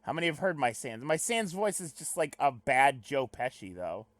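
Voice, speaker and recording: A young man reading a webcomic aloud on stream, breaking off into loud, animated asides. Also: mid-range voice, normal speed, dry recording. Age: young adult. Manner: animated, swings to loud excited rants.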